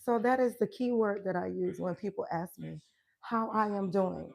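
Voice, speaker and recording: A woman coach talks to her viewers from her home workout space. She is emphatic and affirming and laughs easily. Her pitch sits in the middle range. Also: moderate pace, gravelly, darkish tone. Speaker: wellness coach. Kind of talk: live-stream motivational chat.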